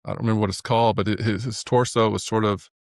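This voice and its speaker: Male interview guest, gravelly low voice, sincere and halting delivery. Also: fairly even intonation, darkish tone, no echo, studio quality. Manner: earnest, halting with many restarts. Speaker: guest, animator. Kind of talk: reflective interview talk.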